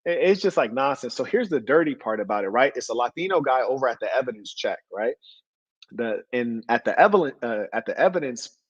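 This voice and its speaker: A man's voice: mid-range voice, animated, fairly quick, slightly rough, no echo, highs cut off. Indignant man rambling about police. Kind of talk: storytelling rant.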